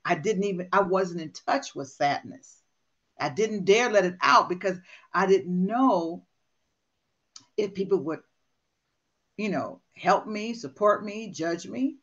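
A woman's voice: lowish voice, a little slow, dull audio. An older woman, a motivational speaker, talking candidly and emphatically, acting out her own inner dialogue. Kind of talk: candid conversational talk.

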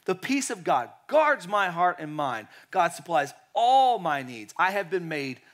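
A man preaching a sermon in a lively way, acting out quotes and dropping to quiet tones. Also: high-pitched, a little slow. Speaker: pastor.

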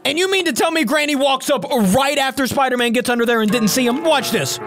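A gaming reaction host who exclaims excitedly at the action on screen. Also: sits high, fairly quick, faint music behind. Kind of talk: reaction video commentary.

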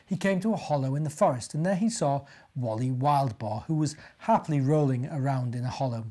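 A man, a minister, gently reading a storybook and talking to young children. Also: medium pitch, fairly quick.

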